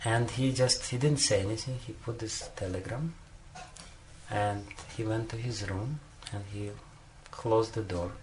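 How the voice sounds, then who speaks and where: A man's voice: lowish voice, a little slow, a little mellow, a little hiss or hum. A man giving a devotional talk as a spiritual teacher, telling a story and often chuckling between phrases, with frequent "you know" fillers.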